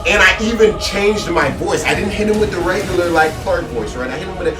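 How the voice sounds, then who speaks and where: A young man telling a story to his vlog audience in an animated, self-hyping way. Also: high voice, fairly quick, over music. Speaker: vlogger. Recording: roomy echo, distant mic.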